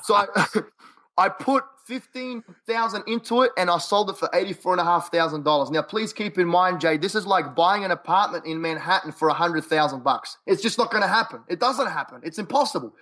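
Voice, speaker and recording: Aussie guy w a high voice, repeats stuff for emphasis, chatty guest. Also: animated, brisk, bright, forceful tone. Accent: Australian. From Australia. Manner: punchy, quote-heavy, repeats himself for emphasis. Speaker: podcast guest. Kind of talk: casual interview chat.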